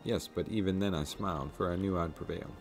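A man voicing a vain, theatrical male merchant from a video game, with a grandiose, drawn-out lordly delivery. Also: sits low, fairly even intonation, vocal fry, slight background noise. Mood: boastful. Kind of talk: reading game dialogue aloud.

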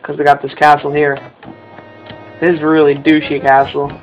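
A young man giving excited commentary over his gameplay, often jumping up into high yelps. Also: moderate pace, dull audio, soft background music. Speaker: let's play gamer.

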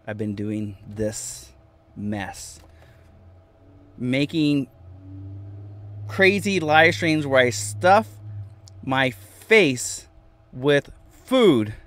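A man chatting casually on a livestream from inside his van, reading viewers' comments aloud, talking to them by name and repeating himself with lively energy. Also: mid-range voice. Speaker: vlogger reading live chat.

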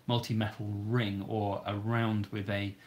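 A man's voice: lowish voice, little pitch movement, measured pace, slight background noise. A man with a British accent hosting a livestream, reading viewer questions aloud and answering in an easygoing, conversational way. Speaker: channel host.

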